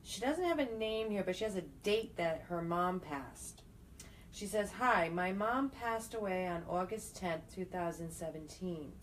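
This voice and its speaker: A woman reading out viewer questions and names in a plain, steady voice, sometimes stumbling over unusual names. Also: lowish voice, measured pace, a little hiss or hum, poor audio. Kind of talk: reading out comments.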